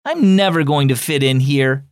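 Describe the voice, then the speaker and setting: A man's voice: mid-range voice, lively intonation, normal speed, lightly acted. A man voicing an earnest young boy who is the lonely new kid at school, in a children's storybook reading. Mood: upset. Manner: pleading, hurt.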